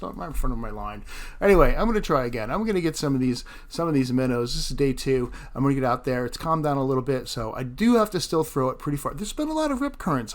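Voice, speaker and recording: A man tells stories from his fishing trips in a loose, rambling vlog voice. He talks quickly, chuckles through the mishaps and keeps it casual. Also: medium pitch. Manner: chatty, laughs often, self-deprecating. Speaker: fishing vlogger.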